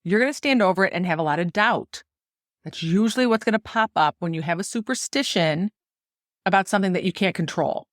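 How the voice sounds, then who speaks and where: A middle-aged woman from the United States hosting a solo podcast, telling stories in an animated way and laughing often. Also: lowish voice, a little fast, no room sound, clean studio sound. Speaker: podcast host and golf coach.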